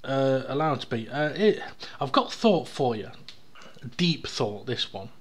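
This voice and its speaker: A man's voice: mid-range voice, expressive, a little slow, husky. A British man co-hosting a podcast, musing in loose, sweary casual chat with many "I mean"s. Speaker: podcast co-host.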